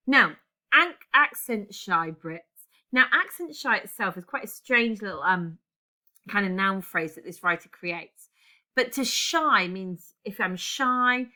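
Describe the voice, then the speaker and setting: Woman teacher going through an essay answer out loud, bright clear voice, keys clacking as she types. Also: mid-range voice. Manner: talks while typing, thinking aloud. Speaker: English teacher. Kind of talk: recorded exam-writing lesson.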